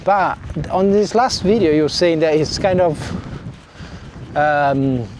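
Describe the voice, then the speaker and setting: A man's voice: fairly high pitch, takes it slowly, a little mellow, slight background noise. A man with an Italian accent, walking and chatting casually to viewers by a seaside harbour, often correcting himself and apologising. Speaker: vlogger. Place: outdoors by a seaside village harbour and beach. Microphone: clip mic under a jacket.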